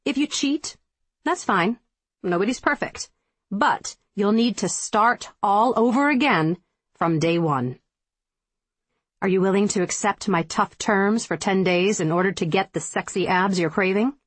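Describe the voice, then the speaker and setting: Female author-narrator, emphatic pep-talk read, mid pitch, dry booth sound. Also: lively intonation, a little slow, slightly rough, no room sound. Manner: emphatic, motivational, firm. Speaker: diet book author reading her book. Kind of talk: scripted audiobook narration.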